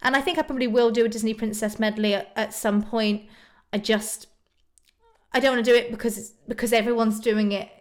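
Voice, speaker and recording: A woman's voice: a little high, fairly even intonation, a little fast. Chatty young English woman live-streaming. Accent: southern English. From England, northwest of London. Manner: chatty, rambling, answers viewer questions with frequent ums and laughs. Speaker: YouTube singer hosting a live stream. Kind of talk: casual live-stream chat reading comments.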